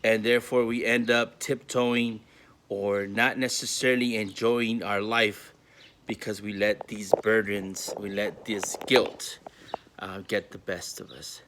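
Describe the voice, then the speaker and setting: A man's voice: lowish voice, fairly even intonation, a little slow, fairly bright tone. A man from a school community telling a story with a moral from home, casual and earnest, full of fillers. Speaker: school staff member.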